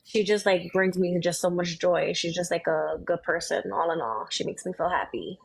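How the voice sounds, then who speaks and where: A woman with a slightly low voice speaks softly in a casual group podcast. She sounds heartfelt and keeps filling her speech with "like". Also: normal speed, creaky, husky, poor audio. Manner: soft, heartfelt, many fillers of "like". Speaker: podcast guest.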